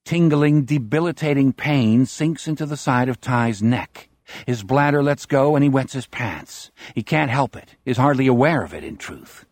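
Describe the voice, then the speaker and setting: A man reading an audiobook in a measured, dramatic narrating style. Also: medium pitch, darkish tone, no room sound.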